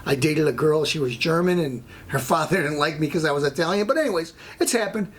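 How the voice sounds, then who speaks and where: A man's voice: on the high side, lively intonation, quick pace, slightly rough. An American man hosting his own show, telling a long blunt story and going off on tangents. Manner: rambling, blunt, goes off on tangents. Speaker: show host. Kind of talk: opinionated monologue.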